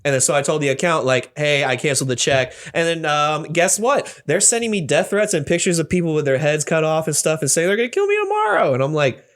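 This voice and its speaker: A man's voice: fairly high pitch, fairly quick, few pauses, fairly bright tone. A man who is a stand-up comedian, chatting as a podcast guest and telling rambling anecdotes, raising his voice to quote people. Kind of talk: casual interview chat.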